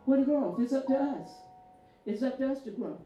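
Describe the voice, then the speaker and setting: A woman pastor preaching a fervent sermon, repeating herself and building to shouts. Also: high voice, lively intonation, fairly quick, lo-fi sound. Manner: fervent, rising to shouts, repetitive call-outs. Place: church. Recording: echoey room from far off, music behind.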